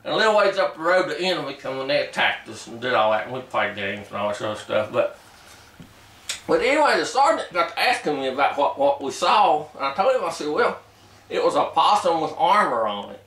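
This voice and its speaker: A man's voice: a little high, very animated, brisk, fairly bright tone, distant mic. A man doing a boastful, simple-minded backwoods ex-soldier. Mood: rambling, boastful. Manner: rambling folksy storytelling, ungrammatical rural dialect. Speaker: comic character. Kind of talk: comic character monologue. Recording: roomy echo, voice away from the mic.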